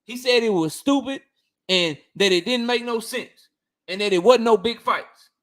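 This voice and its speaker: Heated, profane boxing livestream host. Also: male voice, very high voice, normal speed, a bit bright. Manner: blunt, profane and heated, repeating himself. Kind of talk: livestream commentary reading chat.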